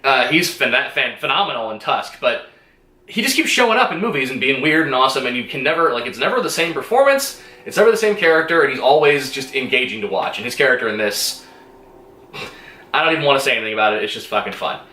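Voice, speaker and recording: A man's voice: medium pitch, very animated, fast, pushed and bright, reverberant. A man giving a casual movie review, rambling and enthusiastic, swearing freely and laughing often.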